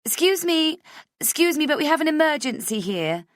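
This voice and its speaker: Lady playing a chatty mothering girlfriend, calls everyone hun, pitched up, dry close audiobook read. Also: animated, unhurried, no echo. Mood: brisk. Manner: soothing, chatty, fond pet names. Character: fussing, motherly young woman friend. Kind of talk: audiobook character voice.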